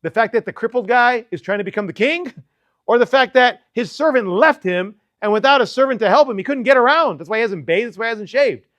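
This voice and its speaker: A man preaching to teens in a loose, joking, conversational way, with a fairly high voice. The sound is close and dry, with no room echo. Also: expressive, brisk, fairly bright tone. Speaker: youth preacher. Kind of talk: sermon.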